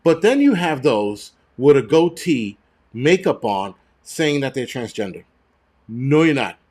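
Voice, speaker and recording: A man's voice: medium pitch, big pitch swings, unhurried, darkish tone. A man hosting a live stream, ranting angrily and bluntly, swearing constantly and stumbling over restarts and repeated words. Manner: angry, profane and blunt. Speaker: livestream host.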